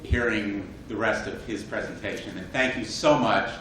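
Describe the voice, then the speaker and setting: A man's voice: fairly low pitch, normal speed, background noise. A man presenting awards at a conference, formal and hesitant, stumbling over names. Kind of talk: conference announcement. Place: conference hall. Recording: roomy distant mic in a crowded hall.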